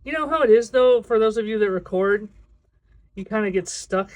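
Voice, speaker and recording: A casual vlog shows a budgeting creator counting their cash aloud and chatting to themself in a mid-range voice. At times the words stretch out into a sing-song cadence.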